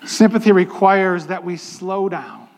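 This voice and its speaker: High-voiced man preaching in a hall. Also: darkish tone. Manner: conversational, slows down for emphasis. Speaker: pastor. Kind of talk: sermon.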